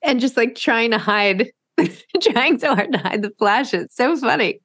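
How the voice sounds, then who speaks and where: A middle-aged woman hosting an interview, chatty and quick with asides, laughing easily. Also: a little high, lively intonation, fairly bright tone, no echo, clean studio sound. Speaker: podcast host. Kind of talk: conversational interview.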